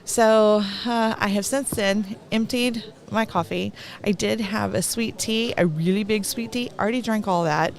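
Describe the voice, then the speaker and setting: A woman's voice: medium pitch, moderate pace, vocal fry. A middle-aged woman with a Texan accent giving rambling, talkative live commentary at an event, laughing between thoughts.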